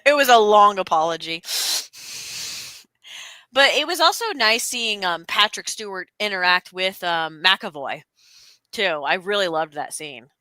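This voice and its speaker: Chatty bright-voiced young woman. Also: medium pitch, a little slow, dry recording. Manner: animated, rambling with many fillers and restarts. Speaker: stream co-host. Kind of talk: casual chat.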